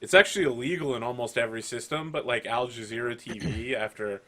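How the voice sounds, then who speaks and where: A man narrating and improvising as game master of a tabletop game, rambling and animated. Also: medium pitch, fast.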